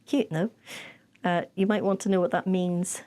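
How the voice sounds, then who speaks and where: A woman with an Irish accent, co-hosting a podcast in casual chat, giggly and expressive. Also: lowish voice, normal speed. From Ireland. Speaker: podcast co-host.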